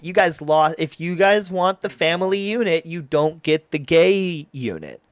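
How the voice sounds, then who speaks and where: A man's voice: a little high, animated, measured pace, few pauses, clean tone, no echo. A man hosting a casual podcast chat, rambling and laughing often as he riffs and acts out quoted voices. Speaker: podcast host.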